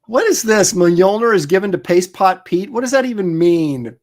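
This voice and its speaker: A middle-aged man in casual livestream chat, relaxed and talkative, co-hosting a show and reading viewer comments aloud. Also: sits high, normal speed. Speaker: comic artist and show co-host.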